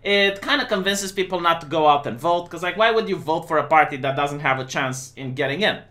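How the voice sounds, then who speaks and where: A man's voice: fairly high pitch, fairly quick, bright, forceful tone. A young man with a Romanian accent giving a casual, sarcastic monologue, full of fillers and restarts. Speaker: political commentator streamer.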